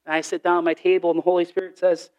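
A man preaching a sermon, telling Bible stories in an animated way and acting out the voices in the quotes. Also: high voice, rapid-fire, lo-fi sound.

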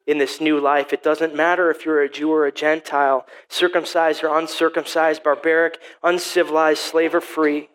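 A man's voice: a little high, little pitch movement, moderate pace, hardly any pauses, fairly bright tone, low-quality recording. Rambling pastor preaching, a man. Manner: rambling, repeats words, self-interrupting storytelling. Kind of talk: sermon.

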